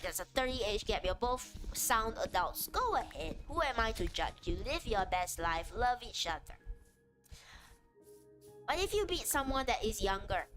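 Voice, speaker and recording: A young woman streamer talking straight to her chat in an earnest, animated way, often restarting her sentences and leaning on fillers. Clear game music plays under her voice throughout. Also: mid-range voice. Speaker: VTuber streamer. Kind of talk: casual chat on a livestream. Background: background music.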